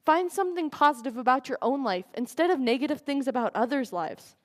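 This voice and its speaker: A woman giving a dramatic recited speech at a school program, swinging between forceful declarations and hushed, quiet lines. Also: sits high, expressive, fairly quick. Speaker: student speaker at a school program.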